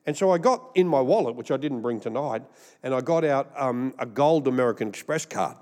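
A man's voice: mid-range voice, animated, moderate pace, darkish tone. A male pastor with an Australian accent, preaching a humorous storytelling sermon. He rambles through jokey stories and laughs at his own punchlines. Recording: long hall reverb.

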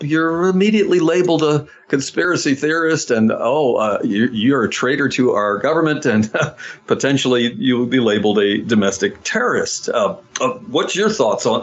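Earnest pastor, dull lo-fi sound. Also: male voice, mid-range voice. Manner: earnest, hesitant with many fillers. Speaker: pastor and host. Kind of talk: political discussion panel.

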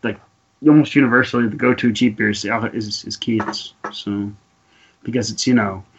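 A man's voice: lowish voice, steady tone, moderate pace, a little hiss or hum. A man co-hosting a casual podcast, rambling with many ums and restarts. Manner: rambling, hesitant, many fillers. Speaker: podcast co-host. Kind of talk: casual chat. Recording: dull lo-fi audio.

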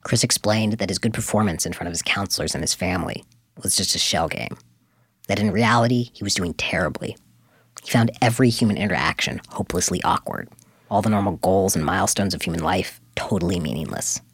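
A man narrating a scripted story for a podcast in a measured, composed way. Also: low voice, fairly bright tone, husky, dry recording, clean studio sound.

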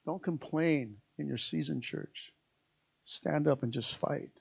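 A man's voice: on the high side, slow pace, gravelly, slightly rough. A man preaching a sermon as pastor, emphatic and repetitive, calling out to his congregation again and again.

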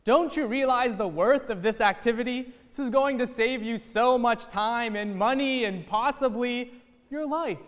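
A man's voice: very high-pitched, a little slow, fairly bright tone. A man voicing a stern but caring father who lectures his children on a life skill. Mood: lecturing. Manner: lecturing, insistent. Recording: echoey church hall.

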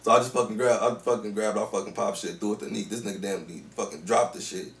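Animated, swearing man telling a story. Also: fairly low pitch, fast. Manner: animated, heavy swearing, slangy. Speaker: podcast co-host. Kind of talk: casual storytelling. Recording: roomy, distant mic.

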